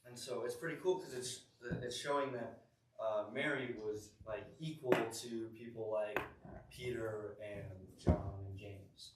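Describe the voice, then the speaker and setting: A man's voice: fairly low pitch, fairly even intonation, unhurried, background noise. Young man, youth group leader, casual sermon, rambling, echoey church room, distant mic. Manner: chatty, rambling, many fillers and self-corrections.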